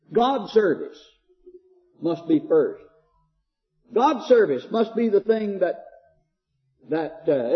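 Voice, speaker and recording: Guy preaching a sermon, highish voice that jumps around a lot, muffled old tape sound. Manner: reads scripture aloud in a slow, deliberate cadence.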